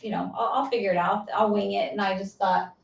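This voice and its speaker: A woman's voice: medium pitch, fairly even intonation, fast, gravelly, reverberant, distant mic, poor audio. A woman co-hosting a fishing show, chatty and teasing, laughing often in a casual conversation. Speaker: co-host. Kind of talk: casual podcast chat.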